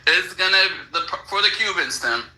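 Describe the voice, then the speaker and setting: A man argues politics bluntly and insistently, swearing freely. His voice is extremely bright and sharp, a little high. He keeps talking over the other speaker. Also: expressive, normal speed, rough recording. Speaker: podcast co-host. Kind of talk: heated political debate.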